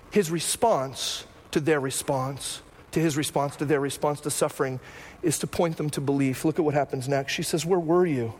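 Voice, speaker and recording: High-voiced preacher in a reverberant hall. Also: male voice. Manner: repetitive rhetorical preaching with "right?" asides. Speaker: pastor. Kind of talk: sermon.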